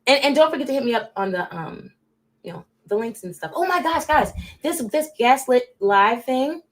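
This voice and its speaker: A woman's voice: sits high, expressive, moderate pace. Chatty rambling woman on a livestream. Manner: rambling, chatty, talks straight to chat viewers; drifts between loud bursts and muttered asides. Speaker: livestream host. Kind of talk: casual livestream chat.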